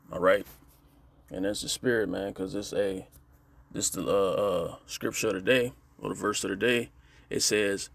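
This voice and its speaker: A man's voice: mid-range voice, vocal fry, fairly bright tone, dry recording. A man preaching a casual sermon and reading scripture, stressing his points and closing nearly every phrase with "man" and "all right?". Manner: emphatic, call-and-response checks with listeners.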